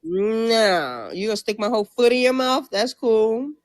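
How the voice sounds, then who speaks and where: A woman hosting a live audio chat room, brash, profane and joking, her voice rough and low from just waking up. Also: expressive, unhurried, dry recording. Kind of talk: casual chat.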